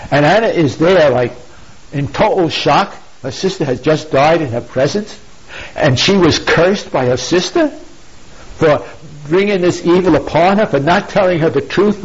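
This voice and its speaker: Husky man telling a story with a moral. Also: fairly high pitch. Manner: storytelling, rhetorical "you see?" asides, emphatic repetition. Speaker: pro-life speaker. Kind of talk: informal moral talk, retelling a classic story. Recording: dull lo-fi recording.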